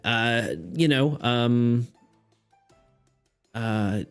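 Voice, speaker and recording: A man voicing a gentle, motherly female demon healer who speaks softly and soothingly. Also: medium pitch, drawn-out words, clear, resonant tone, faint music behind. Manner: soft, soothing, calls listener sweetie.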